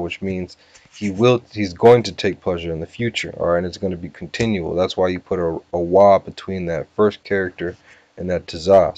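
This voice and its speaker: A man teaching a scripture lesson, casual and repetitive, sounding out words slowly. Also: low voice, darkish tone, dry recording, lo-fi sound. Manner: casual, repeats "all right" and "you know", sounds words out slowly. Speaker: bible teacher. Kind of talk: scripture lesson with word-by-word breakdown.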